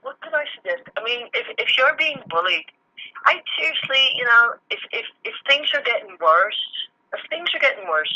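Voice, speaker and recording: A woman talks bluntly and with feeling, cracking jokes as she goes. Her voice is very bright and sharp. It comes through a muffled, phone-like line. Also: a little high, big pitch swings, moderate pace. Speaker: interview guest, film crew member. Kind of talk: casual interview chat. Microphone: video call.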